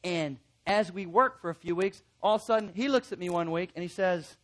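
A man teaching a class of counselors in an animated way, repeating key points for emphasis and acting out quoted remarks. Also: a little high, fast. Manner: emphatic repetition. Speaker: counseling instructor.

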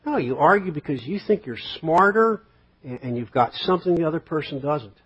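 A man's voice: on the high side, expressive, a little fast, a bit bright, breathy edge. A male pastor preaching a conversational sermon, full of rhetorical questions and acted-out quotes. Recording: dull lo-fi sermon recording.

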